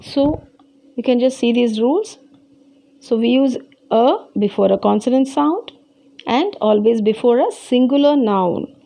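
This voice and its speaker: Slow, patient Indian English woman teacher. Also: fairly high pitch, lively intonation, gravelly, mellow. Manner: slow, patient explaining with repeated key points. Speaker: school teacher. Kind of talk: recorded grammar lesson.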